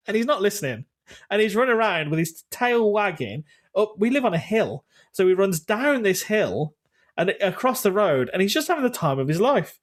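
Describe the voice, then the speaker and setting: A man in his thirties, co-hosting a podcast and telling a funny story with lively acted-out voices. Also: high-pitched, normal speed. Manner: animated storytelling, acts out scenes. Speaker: podcast co-host. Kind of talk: casual chat.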